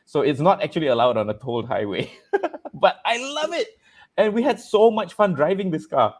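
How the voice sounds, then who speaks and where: A man hosting a casual chat show, talking in an animated, jokey way and often laughing. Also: high-pitched, moderate pace. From Malaysia. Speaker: host.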